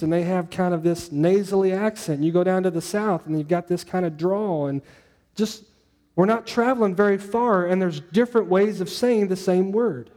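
A man delivering a sermon in a chatty, down-to-earth way. His voice sits fairly high but sounds mellow and warm. He keeps checking in with the listeners. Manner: chatty, asks the audience, acts out quotes. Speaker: preacher. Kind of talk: conversational sermon.

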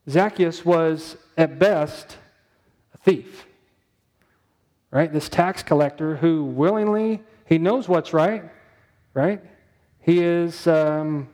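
A man with a somewhat high voice preaches a sermon in an easy, conversational style. He keeps asking his congregation questions and drawing out the words he wants to land. His delivery stays plain and direct. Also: a little mellow. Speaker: pastor.

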